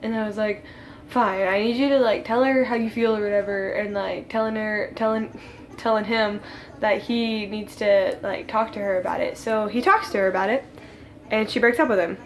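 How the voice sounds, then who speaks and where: A woman's voice: mid-range voice, steady tone, moderate pace, a little hiss or hum. A teenage girl telling a story to camera at a friend's home, rambling with lots of "like" fillers and laughing. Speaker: vlogger. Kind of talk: casual storytime.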